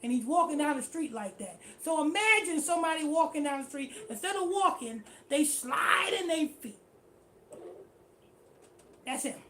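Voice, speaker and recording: A woman's voice: sits high, lively intonation, normal speed, a bit bright, slight background noise. A woman teaching a street-style scripture class in slangy, repetitive talk. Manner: slangy, repetitive, keeps saying "you know what I'm saying".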